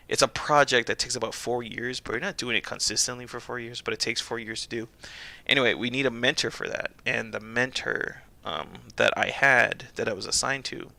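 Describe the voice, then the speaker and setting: Young male streamer, loose rambly storyteller, very bright tone with gravel. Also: medium pitch, dry recording. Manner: rambling, self-interrupting storyteller who laughs often. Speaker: streamer and pharmacist. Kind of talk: casual chat while livestreaming a game.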